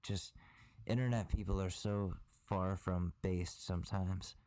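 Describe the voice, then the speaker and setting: A woman's voice: a bass voice, steady tone, measured pace, warm tone, no echo, clean studio sound. A woman co-hosting a podcast in casual chat, reacting in a laid-back, slangy way. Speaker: podcast co-host.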